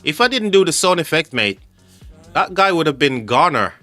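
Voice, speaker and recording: Bright-voiced man hosting a game stream. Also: fairly high pitch, sing-song, moderate pace, no echo. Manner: chatty, joking with chat, calls people mate. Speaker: livestream host. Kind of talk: casual live game commentary. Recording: faint music behind the voice.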